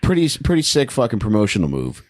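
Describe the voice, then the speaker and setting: A man's voice: fairly low pitch, wildly swooping pitch, quick pace, a little mellow, no room sound, studio quality. A man casually telling a story on a podcast, laid-back, swearing and saying "dude" a lot.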